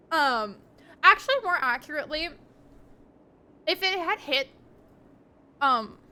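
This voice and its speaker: A woman's voice: sits high, expressive, slow, long pauses, sharp tone. A young woman streaming live, chatting casually with her viewers in a rambling, giggly way with lots of ums.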